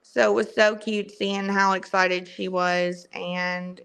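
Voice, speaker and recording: A woman's voice: medium pitch, level tone, slow, vocal fry, a bit bright, clean tone. Chatty Southern woman livestreaming. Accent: strong Southern US. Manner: chatty, greets viewers by name. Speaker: livestream host. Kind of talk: casual livestream chat.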